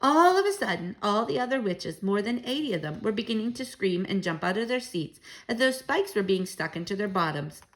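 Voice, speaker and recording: A woman reading a children's novel aloud, with expressive, animated delivery. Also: medium pitch, brisk, few pauses, rough recording.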